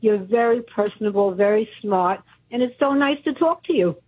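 A woman's voice: mid-range voice, animated, normal speed, husky. A woman from Brooklyn with a Brooklyn accent, calling in to a radio show, chatty and earnest. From Brooklyn, New York. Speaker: caller. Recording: tinny phone line.

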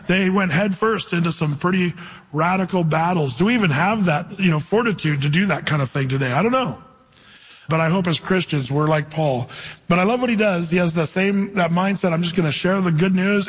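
A man preaching a conversational sermon, reading scripture slowly and telling stories along the way. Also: high voice, husky, big-room sound. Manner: conversational, tells anecdotes, reads scripture slowly. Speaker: pastor. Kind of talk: sermon teaching through scripture.

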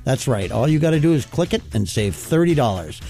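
Gravelly man reading a radio ad. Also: mid-range voice, big pitch swings, brisk, warm tone. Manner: folksy, plain-spoken. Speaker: business owner in an ad. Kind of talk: radio ad read. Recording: faint music bed.

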